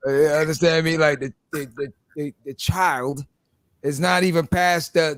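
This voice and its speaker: A man hosting a casual podcast chat, telling stories with animated acted-out quotes. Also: on the high side, unhurried, no echo. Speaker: podcast host.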